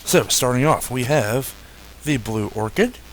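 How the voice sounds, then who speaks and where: Young guy chatting thru a game update, lots of uhs and little fixes, mid pitch, light hum behind. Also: lively intonation, unhurried. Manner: easygoing, many fillers and self-corrections. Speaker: gaming YouTuber. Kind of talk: casual game update walkthrough.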